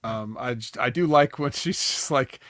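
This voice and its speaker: A man's voice: medium pitch, moderate pace, fairly bright tone, no room sound. A man co-hosting a wrestling review podcast, recapping matches in a dry, joking, rambling way. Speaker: wrestling show co-host. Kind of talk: casual podcast chat.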